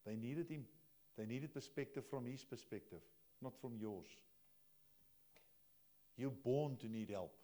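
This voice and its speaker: A man's voice: medium pitch, measured pace, long pauses. Man preaching a conversational sermon. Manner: conversational preaching, swinging from quiet to loud. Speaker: pastor.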